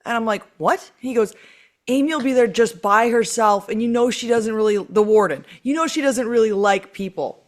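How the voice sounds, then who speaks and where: A woman telling a story on a podcast, animated, acting out quotes and swearing freely. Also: fairly high pitch, normal speed. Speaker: podcast guest. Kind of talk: casual chat.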